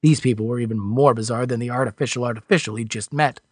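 A man reading a science fiction audiobook in scripted narration with expressive, varied delivery. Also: medium pitch, quick pace, breathy edge, dry recording, studio quality.

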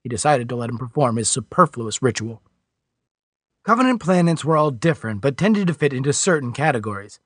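A man reading a novel aloud as a narrator, in a steady storytelling delivery. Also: mid-range voice, fairly quick, breathy edge, no echo, clean studio sound. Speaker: audiobook narrator. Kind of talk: scripted narration.

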